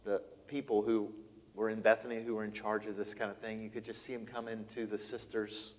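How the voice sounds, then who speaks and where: A man preaching a sermon as a pastor, telling the story dramatically and moving between loud and hushed passages. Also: on the low side, level tone, brisk, in a large hall. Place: church.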